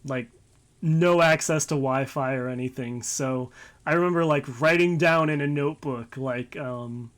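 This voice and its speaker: Male streamer, let's-play commentary, rambling, casual, slightly higher voice. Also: measured pace, fairly bright tone. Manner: rambling, casual, swears lightly.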